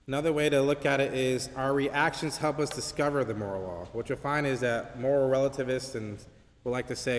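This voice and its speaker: A man's voice: mid-range voice, fairly quick. A man teaching an apologetics class at a church in a conversational way, often checking in with "right?". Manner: conversational, keeps asking "right?". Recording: long hall reverb.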